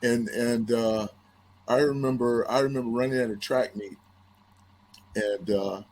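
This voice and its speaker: Husky-voiced man telling a story. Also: medium pitch, a little slow. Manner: animated, repeats words when starting sentences. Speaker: podcast guest, former football player. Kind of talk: casual storytelling.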